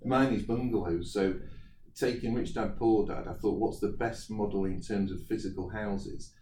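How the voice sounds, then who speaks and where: Deep, distant-sounding British businessman. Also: steady tone, moderate pace, dark tone, a little hiss or hum. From United Kingdom. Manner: chatty, anecdotal, laughs often. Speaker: entrepreneur guest. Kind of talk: podcast interview, storytelling. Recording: echoey room, slightly distant mic.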